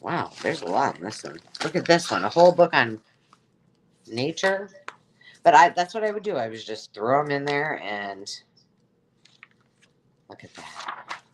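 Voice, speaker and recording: A woman's voice: a bass voice, big pitch swings, unhurried, pauses often, a little hiss or hum. A woman hosting a casual live sale of craft supplies, chatting in a rambling way and exclaiming over each item she pulls out. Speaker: host selling craft supplies.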